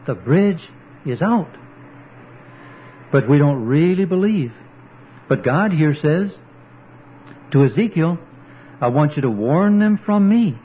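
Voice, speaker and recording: A man's voice: on the high side, animated, takes it slowly, long pauses, a little hiss or hum. A man preaching an earnest, emphatic sermon, quoting scripture as he goes. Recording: dull lo-fi recording.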